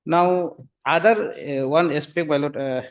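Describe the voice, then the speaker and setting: A man arguing before a judge in a courtroom, halting with many fillers and addressing the bench as "my lord" again and again. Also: on the high side. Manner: hesitant, full of fillers, repeats "my lord" constantly. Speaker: advocate for the government. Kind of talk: courtroom argument.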